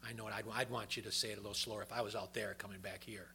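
An older man preaching a sermon in a folksy, conversational way, telling personal stories, with a gravelly voice. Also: lowish voice, fairly even intonation, rapid-fire, pushed and bright.

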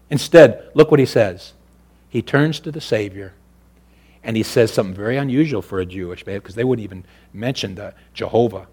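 Preaching at normal speed, this man shifts between booming pulpit delivery and soft, low, intimate passages. His voice is husky, and he pauses often.

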